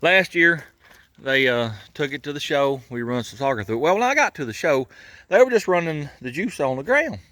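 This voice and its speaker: A man's voice: on the high side, animated, brisk, bright, forceful tone. Chuckling man in his garage. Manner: folksy, chuckling, grumbles about engineers. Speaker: garage channel host. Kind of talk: casual workshop narration.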